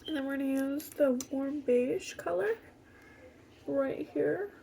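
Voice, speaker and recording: A woman's voice: high voice, takes it slowly, gravelly, very noisy. A woman chatting casually through a makeup tutorial, rambling and joking to herself. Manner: rambling, talks to herself, jokey. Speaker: beauty vlogger.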